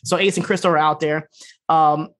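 A man's voice: a little high, steady tone, moderate pace, fairly bright tone. A man co-hosting a podcast, recapping episodes in a rambling, casual way, swearing freely and acting out the characters' lines. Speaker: podcast co-host.

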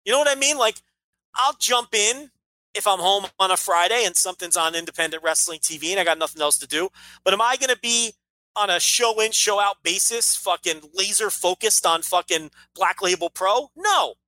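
A man co-hosting a casual podcast, talking in a bright, forceful voice. He rants emphatically, swears freely and often restarts his sentences. The sound is dry and close, with no room around it. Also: high-pitched, a little fast, no echo, low-quality recording. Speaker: podcast co-host.

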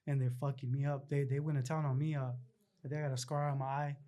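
A young man in a casual interview, telling stories about prison life in relaxed street slang and acting out the other people's lines. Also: medium pitch, fairly quick. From Los Angeles area, California. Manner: laid-back street slang, retells scenes acting out other voices. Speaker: interview guest.

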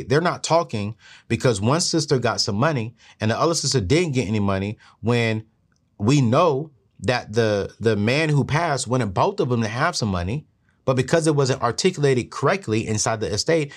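A middle-aged man hosting a show and giving money advice in an earnest, preachy way that climbs higher when he presses a point. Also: animated, normal speed. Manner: earnest, preachy, rises in pitch when emphatic. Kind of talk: motivational talk to camera.

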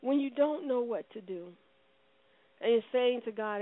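A woman preaching a sermon with impassioned delivery, swinging from loud declarations to hushed, prayerful tones. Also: on the high side, unhurried, no room sound. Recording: tinny phone-like line.

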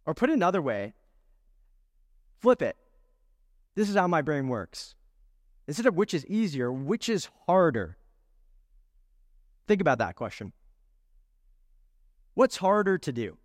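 A man's voice: fairly high pitch, very animated, a little slow, long pauses, clean studio sound. A man preaching a sermon as pastor, earnest and full of rhetorical questions, leaning into key words. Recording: long reverb in a large hall.

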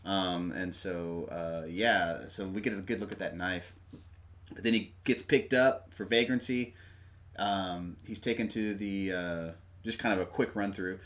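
A man chatting casually about a movie, rambling with lots of fillers and animated retelling of scenes. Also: low-pitched, unhurried.

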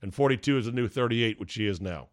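A man hosting a podcast, delivering an emphatic, ranting opinion monologue with sarcastic asides, his voice going hoarse. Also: lowish voice, fast, dry recording, clean studio sound. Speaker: podcast host.

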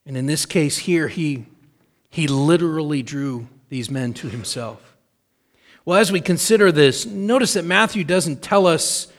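Male pastor, middle-aged, earnest measured sermon delivery, slightly raised pitch. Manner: earnest, measured preaching with emphatic repetition.

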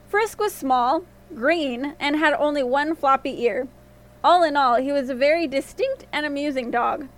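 A woman storyteller narrating a fairy tale in a gentle, expressive reading voice. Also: high-pitched, unhurried.

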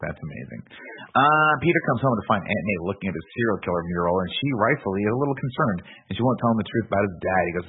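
A man co-hosting a casual podcast, briskly recapping film scenes and quoting the characters. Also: lowish voice, expressive, slight background noise. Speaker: podcast co-host. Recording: tinny phone-like sound.

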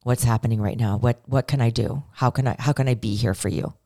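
A woman's voice: a bass voice, fairly even intonation, a little fast, dark tone. A woman co-hosting a podcast, talking earnestly and emotionally, often repeating phrases. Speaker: podcast co-host. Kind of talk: casual conversation.

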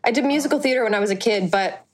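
A young actress joining a podcast as a guest, chatting in a bubbly, enthusiastic way. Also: female voice, on the high side, rapid-fire. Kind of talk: casual chat.

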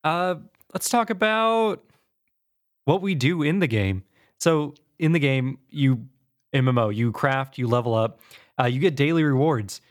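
A man hosting a podcast in casual gaming chat, relaxed and laughing while he tells stories. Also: medium pitch, normal speed. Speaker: podcast host.

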